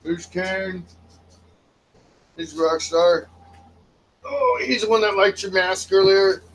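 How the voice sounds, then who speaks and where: A man's voice: high-pitched, fairly even intonation, slow, a bit bright, a little hiss or hum, poor audio. A man co-hosting a casual livestream talk show, laid-back, laughing and swearing. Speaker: co-host.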